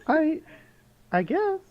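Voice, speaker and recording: A childish little wizard voiced by a man chirps and whines in a squeaky tabletop role-play voice. His pitch leaps from high to low, and he giggles in between lines. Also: heavily acted. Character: small ginger male wizard, childish prankster.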